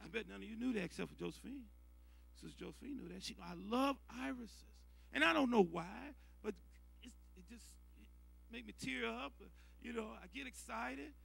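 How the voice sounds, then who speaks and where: A man's voice: extremely high pitch, animated, brisk, creaky, a bit bright, slightly rough. A middle-aged man preaching a sermon in a conversational way, repeating and restarting his phrases.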